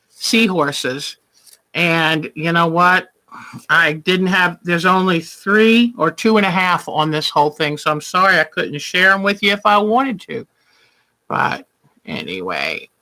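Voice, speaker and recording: Woman hosting a live quilting show, unhurried and chatty, bright tone, sweet-talks viewers. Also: fairly low pitch. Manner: chatty, affectionate, calls viewers honey and hon. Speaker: quilting livestream host. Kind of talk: casual livestream chat while quilting.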